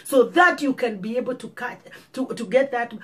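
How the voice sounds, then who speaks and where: A woman's voice: on the high side, normal speed, a bit bright. A woman pastor with a Kenyan accent, preaching an earnest sermon with repeated exhortations.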